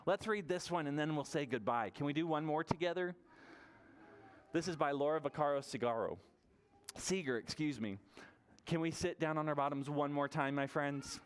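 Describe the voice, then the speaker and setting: A man running a toddler story time in a library, his voice smooth and clear and pitched a little high. He talks in an animated, sing-song way, cheering on the little ones. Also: normal speed. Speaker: children's librarian. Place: public library room.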